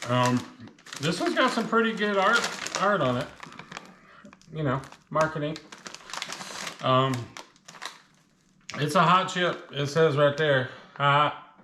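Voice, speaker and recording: A man's voice: a little high, expressive, takes it slowly, long pauses, reverberant, background noise. A man casually reviewing spicy chips on his vlog, chatting with his mouth full while the heat burns. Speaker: food reviewer.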